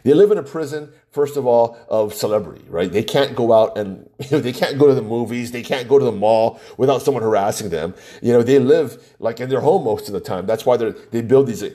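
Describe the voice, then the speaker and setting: Mellow-voiced man rambling on his podcast. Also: mid-range voice, brisk, few pauses. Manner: rambling, opinionated, with frequent laughs and restarts. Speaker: podcast host. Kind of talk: casual solo podcast monologue.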